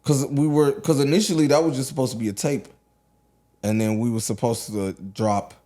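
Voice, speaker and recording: A man in his thirties from Atlanta, a rapper guest telling stories in a relaxed podcast chat, full of "like" and "you know what I'm saying". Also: medium pitch, normal speed. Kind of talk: casual podcast conversation.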